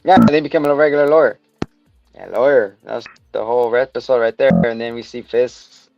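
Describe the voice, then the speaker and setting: A man's voice: medium pitch, fairly quick, vocal fry. A man co-hosting a podcast, recapping a show in casual chat, rambling and swearing as he acts out scenes. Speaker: podcast co-host. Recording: dull lo-fi sound with music behind.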